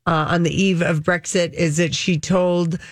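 A woman's voice: lowish voice, level tone, a little slow, no room sound. A woman hosting an entertainment news segment on the radio, gossiping casually and reading out press quotes.

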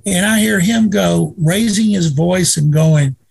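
An older man spins lively stories as an interview guest. His voice sits a touch high and is gravelly, with a husky edge. He acts out the dialogue in his anecdotes. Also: measured pace. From Waco, Texas. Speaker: guest, retired sportswriter. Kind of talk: storytelling in a casual interview.

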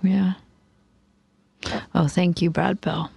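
Woman, live-stream host, casual chat, creaky tone, dry recording. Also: on the low side, little pitch movement, takes it slowly, mellow, no room sound. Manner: chatty, reads chat aloud.

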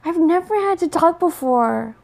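Young female podcast co-host, bright high voice, giggly and teasing. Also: lively intonation, normal speed, gravelly. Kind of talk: casual couple chat.

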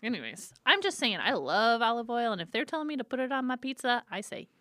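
A woman's voice: a little high, sing-song, fast talker, sharp tone, dry recording, clean studio sound. A young woman co-hosting a casual snack podcast, teasing and chatty with lots of fillers. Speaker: co-host presenting pizza facts.

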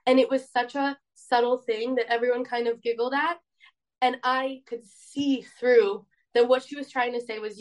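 A woman's voice: on the high side, steady tone, unhurried, rough recording. A young woman from Poland, a guest telling a personal story in a candid, rambling way, with many fillers. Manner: earnest, rambling, heavy use of "like".

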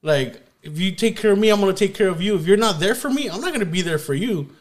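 A man's voice: high voice, lively intonation, quick pace. A young man co-hosting a podcast, talking bluntly in casual slang and swearing a lot. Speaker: podcast co-host. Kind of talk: casual chat.

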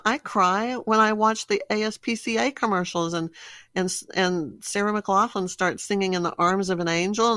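A woman's voice: medium pitch, fairly bright tone, no echo. A middle-aged woman speaking casually and telling stories with animation, acting out her own reactions as she explains personality disorders.

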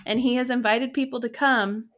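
A young adult woman co-hosting a podcast, recapping a sitcom in casual chat full of "like" and quick laughs. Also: a little high, steady tone, fairly bright tone. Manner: chatty, lots of "like", quick laughs. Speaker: podcast co-host.

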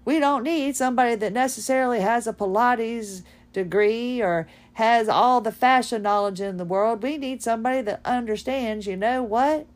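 A woman hosting a podcast in a fast-talking, folksy, animated monologue. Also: on the high side. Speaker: podcast host. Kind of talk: casual monologue.

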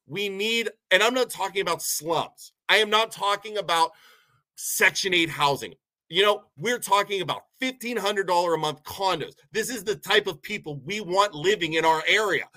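A man's voice: high voice, bright, forceful tone. A man from Ohio delivering a heated, sarcastic rant as a local commentator, sounding a bit sick. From Poland, Ohio, USA. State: sick, unwell. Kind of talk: ranting monologue.

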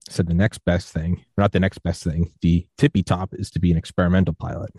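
A man in his twenties hosting a podcast interview, telling rambling stories and quoting others in lively voices. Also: sits low, fast talker, husky, dry recording, studio quality. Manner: rambling storyteller, quotes others in animated voices. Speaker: podcast host. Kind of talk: casual interview chat.

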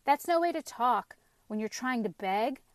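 A hearty talking pumpkin leads the vegetables and coaxes in a winning way, with a fairly high voice, as a woman reader puts him on. The recording is dry and close. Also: animated, measured pace, no echo. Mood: coaxing. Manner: coaxing, hearty. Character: jolly, persuasive male talking pumpkin leader.

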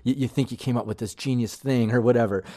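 A man's voice: mid-range voice, steady tone, fast, dark tone. A man co-hosting a tabletop game podcast in casual chat, enthusiastic and rambling. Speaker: podcast co-host and game master.

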